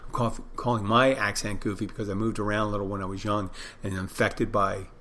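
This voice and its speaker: A man's voice: on the low side, flat delivery, brisk, bright, forceful tone, slight background noise. A middle-aged man with a Philadelphia accent hosting a podcast alone, rambling through casual, profane asides about himself. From Philadelphia area. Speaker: podcast host. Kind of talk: casual solo monologue.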